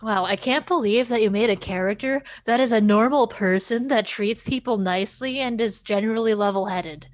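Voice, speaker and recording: A woman's voice: mid-range voice, moderate pace, hardly any pauses, no echo. A woman player in casual chat, teasing and stammering as she talks.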